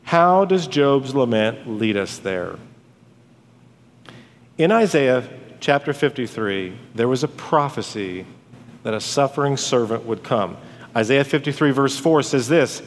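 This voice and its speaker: Slow-preaching pastor in a reverberant church. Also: male voice, medium pitch, animated. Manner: dramatic rises and hushed drops on key words. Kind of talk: sermon. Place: church sanctuary. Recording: long hall reverb.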